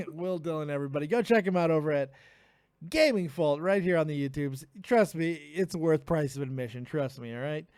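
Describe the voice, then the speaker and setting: A man's voice: on the high side, brisk, a little mellow, dry recording, studio quality. A man hosting a live call-in stream, chatting casually, laughing often and swearing freely. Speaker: livestream host taking calls.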